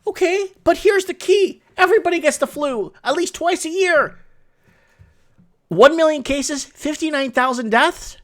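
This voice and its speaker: A man's voice: very high voice, unhurried, fairly bright tone. Chatty man reacting to the news. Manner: loose, chatty, reacts and loosely translates on the fly. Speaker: host. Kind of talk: casual commentary over live news.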